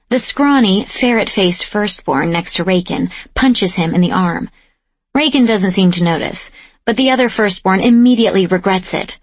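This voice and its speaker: Husky-voiced woman narrating an audiobook. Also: on the low side, no room sound. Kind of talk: first-person audiobook narration.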